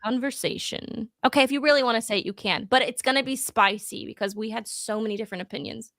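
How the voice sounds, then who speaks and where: A woman's voice: a little high, quick pace, a bit bright, no room sound, studio quality. A woman co-hosting a call-in dating show in casual chat, bubbly and blunt, laughing often and swearing freely while sipping whiskey. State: drinking whiskey.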